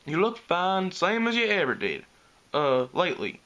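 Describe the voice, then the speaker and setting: A calm, sly country stallion, as a male reader puts him on, speaking in an unhurried drawl with a lively, swooping pitch and a bright, clear edge to the voice. He sounds easygoing and good-natured. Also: dull audio, full character voice. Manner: slow rural drawl.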